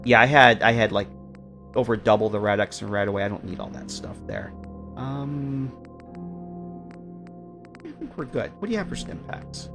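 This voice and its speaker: A man's voice: lowish voice, animated, normal speed, pauses often, loud music behind the voice. A man giving casual, joking commentary while streaming a game, often stumbling over his words.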